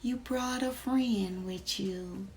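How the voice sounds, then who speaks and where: A woman voicing a calm, mysterious man who speaks softly and slowly. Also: medium pitch, a little hiss or hum.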